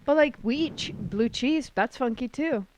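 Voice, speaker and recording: A woman's voice: on the high side, moderate pace, darkish tone, slight background noise. A young woman hosting a podcast in casual chat, swearing freely and laughing often. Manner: profane, playful, laughs often. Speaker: podcast host.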